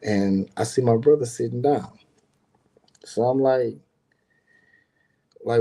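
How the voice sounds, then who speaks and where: A man's voice: medium pitch, slow pace, vocal fry, pauses often, warm tone. A man telling a personal story in casual talk, rambling and repeating words, acting out the people he quotes. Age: adult with grown son.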